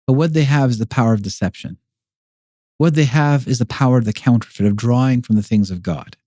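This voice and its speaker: A man's voice: mid-range voice, a little fast, mellow, dry recording, clean studio sound. A man talking as a podcast guest, rambling through his ideas with many fillers and restarts. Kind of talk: casual explanatory conversation.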